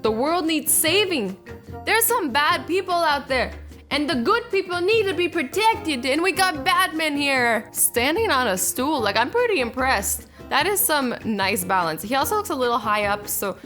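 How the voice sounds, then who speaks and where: Bright, bubbly young woman reacting. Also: high voice, big pitch swings, normal speed, faint music behind. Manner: bubbly, chatty, heavy use of "like". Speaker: YouTube reaction host. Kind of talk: casual reaction commentary.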